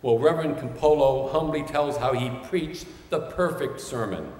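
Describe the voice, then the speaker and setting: Male pastor preaching in a reverberant church. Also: mid-range voice. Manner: measured, building to shouted refrains. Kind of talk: sermon. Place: large church sanctuary. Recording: roomy church with long reverb.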